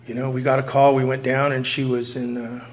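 A man's voice: medium pitch, little pitch movement, fairly quick. A middle-aged man speaking at a recovery meeting, telling his story earnestly and repeating key phrases for weight. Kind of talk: personal recovery testimony. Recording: noisy recording with clicks.

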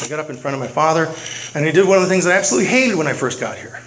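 Middle-aged guy sharing his story at a meeting, earnest, says things twice, kinda high voice, hissy clicky recording. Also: animated, very fast, fairly bright tone, rough recording. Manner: earnest, repeats phrases for weight. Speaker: speaker at a recovery meeting. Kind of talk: personal recovery testimony.

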